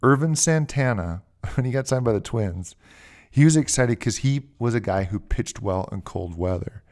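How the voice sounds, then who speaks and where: A man's voice: mid-range voice, lively intonation, normal speed, darkish tone. A man hosting a podcast, talking casually and rambling at length, often restarting his sentences mid-phrase. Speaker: podcast host. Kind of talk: casual fantasy baseball podcast talk.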